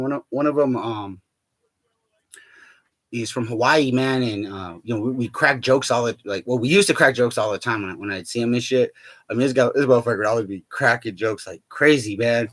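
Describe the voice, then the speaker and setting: A man's voice: mid-range voice, brisk, fairly bright tone, no room sound. A young man vlogging in a rambling, profane, joking monologue, laughing often and full of fillers. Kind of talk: rambling casual monologue to camera.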